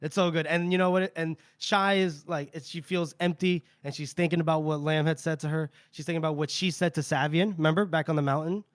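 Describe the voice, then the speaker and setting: A man's voice: a little high, steady tone, brisk, few pauses, no room sound, clean studio sound. A man co-hosting a podcast, casually and animatedly retelling a book chapter with laughs and swearing. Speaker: podcast co-host. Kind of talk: casual chat.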